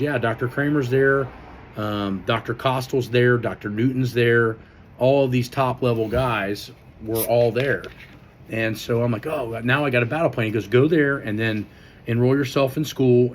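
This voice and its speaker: A man's voice: medium pitch, a little hiss or hum. A man, a strength coach, telling his life story in a loose, casual way, with many fillers and some swearing. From Indiana, US.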